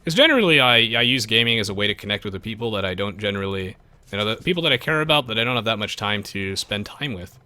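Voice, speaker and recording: A man's voice: fairly low pitch, fast talker. A man live-streaming a strategy game, chatting to viewers and reading their messages. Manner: animated, chatty, jumps between game and viewers. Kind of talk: live gameplay commentary, reading chat.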